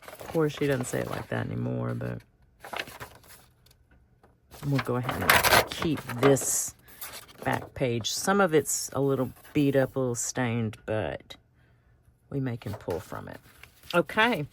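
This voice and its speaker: Woman crafter, low voice, slow unhurried chat, clear background noise and clicks. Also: sing-song. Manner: chatty, thinks aloud while cutting. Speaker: craft video host.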